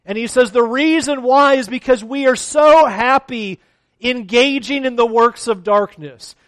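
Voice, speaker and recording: A man's voice: very high-pitched, unhurried, a bit bright, dry recording. A man preaching a sermon as a pastor, acting out quotes of complaining people along the way.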